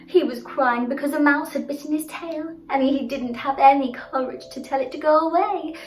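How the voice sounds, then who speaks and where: A woman telling a children's storybook tale in an expressive, exclaiming, sing-song manner. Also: high voice, moderate pace, distant mic, slight background noise. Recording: roomy sound from off-mic, faint music.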